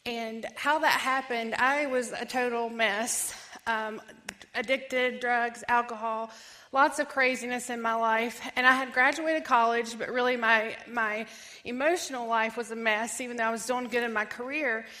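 Woman in her thirties, testimony speaker, lively storyteller who acts out quotes. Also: on the high side, moderate pace. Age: 30s. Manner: animated storytelling, acts out quoted voices, laughs often. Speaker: ministry founder giving testimony. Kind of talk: personal testimony.

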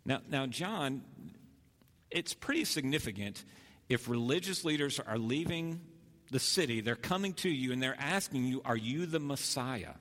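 A male pastor delivering a sermon at a middle pitch. He speaks earnestly, restarting and repeating phrases as he builds his point. His voice rings with a long reverb from a large hall. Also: lively intonation, normal speed, fairly bright tone.

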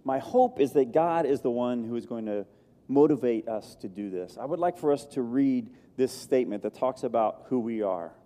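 A male pastor delivers a sermon in a church sanctuary, building emphasis through repeated phrases. His voice is very dark and mellow, and it rings out with the long reverb of a large hall. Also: medium pitch, expressive, moderate pace. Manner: emphatic, repetitive preaching cadence.

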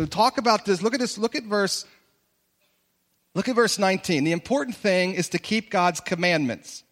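A man's voice: high-pitched, fairly bright tone, in a large hall. A man preaching a sermon as pastor from a church stage. He preaches with passion and at times speaks in the voices of imagined listeners.

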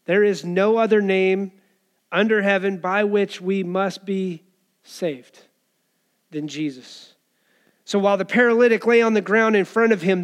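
A man with a fairly high voice preaches a sermon. He keeps it conversational and throws rhetorical questions at the congregation. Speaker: pastor.

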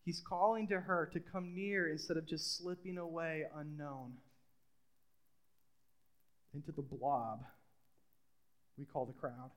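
A man's voice: fairly high pitch, steady tone, slow pace, long pauses. A middle-aged man preaching a sermon in a conversational way, repeating phrases and putting questions to the congregation. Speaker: pastor.

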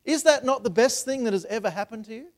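A man's voice: very high-pitched, expressive, quick pace. A man preaching a sermon as a pastor, asking the room rhetorical questions and stumbling over repeated words. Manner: acts out voices in retold scenes.

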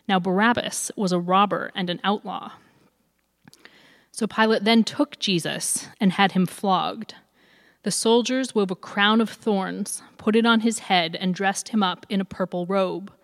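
A woman reading a long scripture passage aloud in clear, even narration. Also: mid-range voice, measured pace. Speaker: scripture reader. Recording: long hall reverb.

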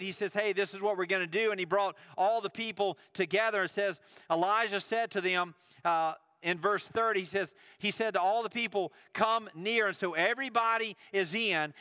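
A man preaching with a high, bright voice, retelling scripture and voicing its characters in an easygoing, conversational way. The sound is dry and close, with no room echo. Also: clear, resonant tone. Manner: storytelling, acts out biblical dialogue casually. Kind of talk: sermon.

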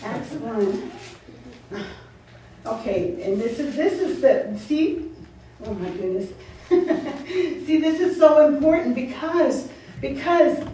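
A woman preaching to her congregation, driving her points home with repeated questions. Her voice sits fairly high but sounds mellow. She is heard from a distance in a very roomy church with faint background noise. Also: unhurried. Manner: animated, repeating questions to the congregation, laughing asides. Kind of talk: sermon. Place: church sanctuary.

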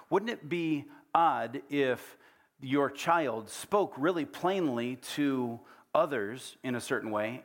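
Male pastor, middle-aged, relaxed conversational sermon delivery, quizzing the congregation. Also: mid-range voice. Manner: conversational, asks the congregation questions. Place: church.

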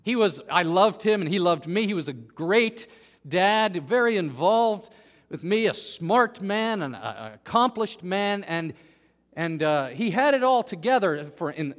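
A man preaching a sermon, earnest, dropping to a hush and then rising to emphatic peaks. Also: on the high side, expressive, measured pace. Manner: earnest, swings from hushed to emphatic. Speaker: pastor. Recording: long hall reverb.

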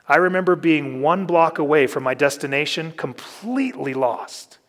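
A man's voice: on the high side, animated, normal speed, a bit bright. A man, a pastor, giving a conversational sermon, telling personal stories candidly and with self-deprecating humor.

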